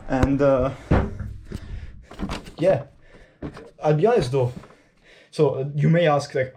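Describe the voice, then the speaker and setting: A man's voice: medium pitch, slow pace, pauses often, dark tone, slight background noise. An Italian man, a native Italian speaker, chatting casually and candidly to camera during his workout, rambling and swearing freely. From Italy. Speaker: fitness vlogger.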